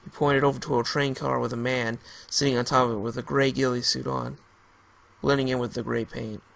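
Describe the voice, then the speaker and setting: Gravelly man narrating a story. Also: medium pitch, level tone, fairly bright tone. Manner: halting, with restarts.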